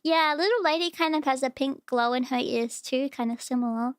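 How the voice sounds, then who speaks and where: High-voiced woman cooing over animal videos. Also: fairly quick, few pauses, dry recording, faint music behind. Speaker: VTuber streamer. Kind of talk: casual stream chat reacting to videos.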